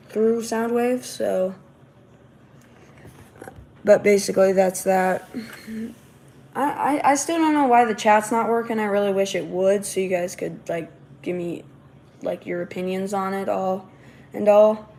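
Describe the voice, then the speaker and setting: A woman's voice: mid-range voice, darkish tone, a little hiss or hum. A woman hosting a casual livestream, rambling along with lots of fillers and false starts. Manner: rambling, many fillers and restarts. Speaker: livestream host.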